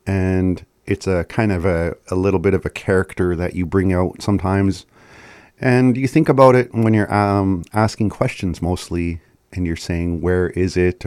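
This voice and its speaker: A man hosting a community radio show, teaching a phrase of the day in a relaxed way and chuckling often. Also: sits low, dry recording, clean studio sound. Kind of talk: casual community radio talk.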